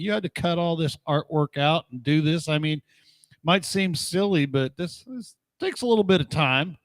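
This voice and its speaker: A man's voice: on the high side, no room sound, clean studio sound. A middle-aged man with a sarcastic, mocking manner and frequent chuckles, hosting a casual rant about old records. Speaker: podcast host playing old records.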